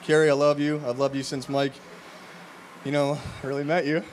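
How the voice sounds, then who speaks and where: A young man, brother of the groom, giving a jokey, upbeat wedding toast with some halting and fillers. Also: fairly high pitch, level tone, slight background noise. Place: wedding reception.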